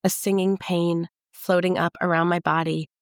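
Low gravelly woman narrating an audiobook. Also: flat delivery, normal speed, no room sound, clean studio sound. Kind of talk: first-person audiobook narration.

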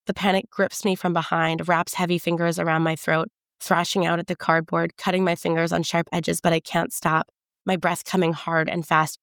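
A woman giving a measured, intimate first-person audiobook narration. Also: lowish voice, little pitch movement, creaky, fairly bright tone, dry recording, clean studio sound.

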